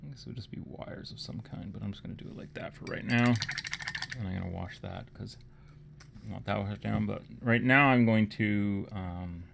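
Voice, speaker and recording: A man's voice: lowish voice, vocal fry, noisy background. A man casually talking through a live miniature painting tutorial, thinking aloud and sometimes dropping to a murmur.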